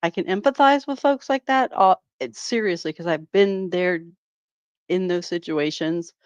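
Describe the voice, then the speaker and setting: A woman's voice: fairly low pitch, moderate pace, dry recording, muffled recording. A woman hosting a reaction channel, giving mocking, sarcastic commentary and laughing often.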